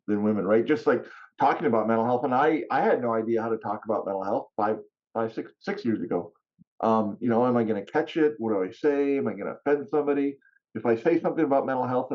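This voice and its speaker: Lively man telling a story, lo-fi sound. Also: mid-range voice. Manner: animated, laughs often, acts out quotes. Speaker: podcast guest. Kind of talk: casual storytelling.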